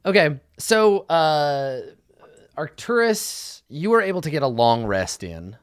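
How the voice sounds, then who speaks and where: A man's voice: fairly high pitch, big pitch swings, slow pace, clean tone, no room sound, studio quality. A man narrating a tabletop game as dungeon master, casual and loose with many fillers.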